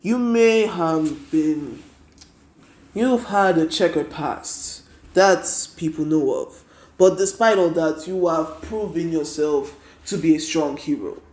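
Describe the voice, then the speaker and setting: A young man voicing a proud hero mentor in a fan story, speaking in formal, measured sentences. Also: on the high side, darkish tone, roomy sound. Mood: solemn.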